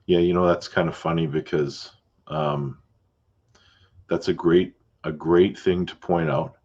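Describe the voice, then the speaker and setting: A deep-voiced, husky man hosts a podcast in an easygoing, chatty way, drifting into asides as he talks. The sound is muffled and lo-fi. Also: measured pace. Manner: relaxed, chatty, with fillers and asides. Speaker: podcast host, realtor. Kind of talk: casual chat.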